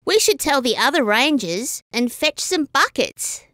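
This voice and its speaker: A woman's voice: sits high, very animated, measured pace, a bit bright, no room sound, clean studio sound, voice pushed up, full character voice. A woman doing Blink, a cheerful ranger. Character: cheerful, friendly animal ranger.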